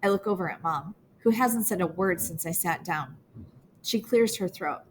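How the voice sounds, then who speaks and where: A woman's voice: fairly low pitch, moderate pace, a little hiss or hum. A woman reading a novel aloud in the first person, earnest and emotional, as a teenage girl telling her own story. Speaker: audiobook narrator.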